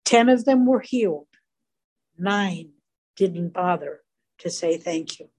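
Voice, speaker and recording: A woman teaching from the Bible in an earnest, deliberate sermon, briefly voicing the people in the stories. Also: fairly low pitch, expressive, a little mellow, breathy edge, poor audio. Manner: earnest, slow and deliberate, acts out quoted voices briefly.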